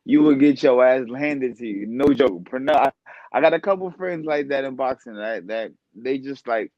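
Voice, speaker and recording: A boxer talking casually as a podcast guest, animated and profane, often laughing. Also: male voice, medium pitch, normal speed, no echo, muffled recording. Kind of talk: casual interview talk.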